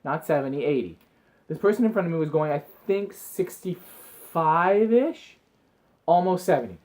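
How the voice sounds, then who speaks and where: A man chatting to camera in a casual vlog, telling rambling, excitable stories and acting out the moments as he goes. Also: a little high, normal speed. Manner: rambling, excitable storytelling with acted-out asides. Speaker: vlogger.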